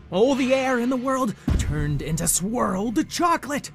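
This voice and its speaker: A man narrating a children's story in a playful, animated way. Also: sits high, unhurried, hardly any pauses, soft background music.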